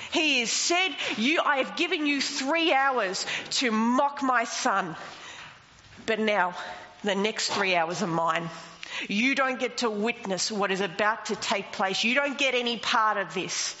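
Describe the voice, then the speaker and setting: A woman's voice: a little high, bright, forceful tone. A woman preaching a sermon, emphatic and rising into passionate declarations. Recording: long reverb, dull lo-fi sound, faint noise.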